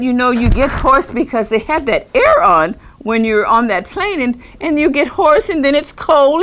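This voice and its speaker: A woman playing an eccentric, scatterbrained older lady in a comedic monologue, rambling and chatting with invisible companions. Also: heavily acted. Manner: lively, swooping pitch.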